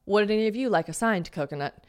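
A young woman hosting a casual solo podcast, chatty and jokey, swearing casually and reading ad copy brightly. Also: mid-range voice, lively intonation, fast. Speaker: podcast host.

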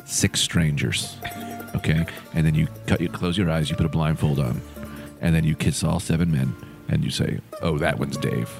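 Very deep-voiced, excitable male comic. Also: moderate pace, vocal fry. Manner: loud, excitable, exaggerated bits. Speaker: podcast co-host. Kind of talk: casual comedic chat. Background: music.

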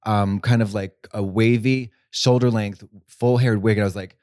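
A man's voice: on the low side, fairly even intonation, moderate pace, a little mellow, dry recording, studio quality. Rambling, profane podcast co-host man. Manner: rambling, profane, full of restarts and fillers. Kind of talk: casual chat.

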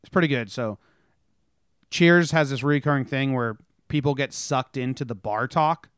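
A man's voice: mid-range voice, normal speed, smooth, dry recording. Podcast guy rambling about sports and tv, cuts himself off a lot, dry close mic. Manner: rambling, self-interrupting. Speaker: podcast co-host. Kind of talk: casual sports chat.

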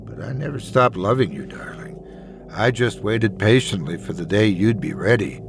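A man voicing a deranged, obsessive young woman who whispers and giggles in an unhinged, breathy way. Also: lowish voice, moderate pace, over music, lightly acted. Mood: menacing.

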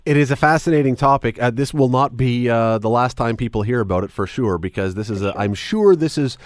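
A man's voice: medium pitch, brisk, dry recording, clean studio sound. A man hosting a radio talk show, chatting wryly and reading items aloud with sarcastic asides. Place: radio studio. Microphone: studio microphone.

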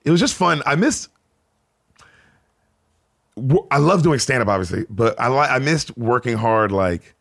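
A man in his thirties from Memphis, a comedian guest rambling through animated stories in casual podcast chat, full of restarts. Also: mid-range voice, a little slow, creaky, long pauses. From Memphis, Tennessee. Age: 30s.

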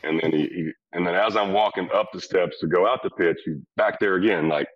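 A man, a former pitcher, telling a brash, profane locker-room story in an animated way. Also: a little fast, no room sound. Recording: dull lo-fi clip.

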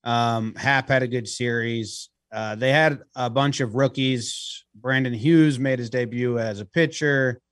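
A man's voice: mid-range voice, steady tone, a little slow, few pauses, dry recording, clean studio sound. Man telling a sports story, profane. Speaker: podcast co-host. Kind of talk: casual sports chat.

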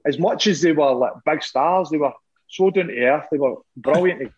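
Husky Scottish man telling stories. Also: fairly high pitch, moderate pace, muffled recording. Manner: laughing, swearing anecdotes. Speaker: former footballer guest. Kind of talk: casual storytelling chat.

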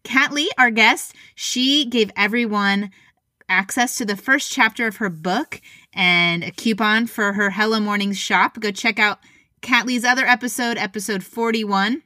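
A woman's voice: medium pitch, a little slow, sharp tone, no echo, studio quality. A woman hosting a faith and parenting podcast, talking in an enthusiastic, upbeat way. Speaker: podcast host.

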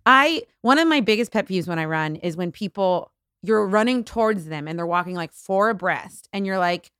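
A woman's voice: mid-range voice, animated, moderate pace, a bit bright, clear, resonant tone, no room sound, studio quality. A woman comedian, a guest in a casual chat, telling exasperated stories and laughing often.

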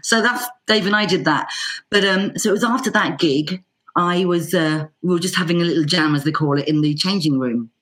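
A middle-aged Irish woman, a banjo player, telling a casual anecdote in a lively way, acting out the voices she quotes. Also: fairly low pitch, a little fast. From Ireland. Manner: lively, acts out quoted voices with lots of fillers. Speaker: banjo player and teacher guest.

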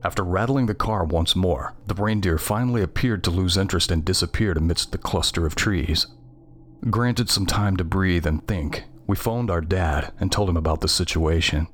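A man's voice: low-pitched, normal speed, slight background noise. A man narrating a first-person horror story in a tense, scripted reading.

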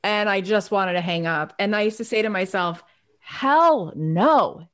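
A woman hosting a podcast, telling a motivational story and acting out her old phone calls with lively energy. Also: medium pitch, fairly quick, smooth. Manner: animated, acts out her own past phone calls. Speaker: podcast host.

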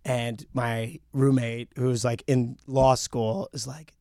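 Man, comedian, casual storytelling, gravelly voice, dry close sound, filler-heavy. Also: mid-range voice, steady tone, slow, a little mellow, no echo. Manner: rambling, lots of likes and you-knows.

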